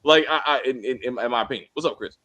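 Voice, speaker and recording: A man co-hosting a casual TV review chat, animated, acting out the characters' lines. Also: medium pitch, fast talker. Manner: animated, acts out quotes in mock voices. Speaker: co-host of a TV review show.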